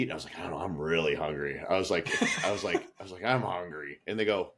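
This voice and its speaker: A man's voice: low voice, quick pace, hardly any pauses. A young adult man co-hosting a podcast, telling a story in casual chat and laughing through it. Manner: animated storyteller, laughs through his anecdotes. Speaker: podcast co-host.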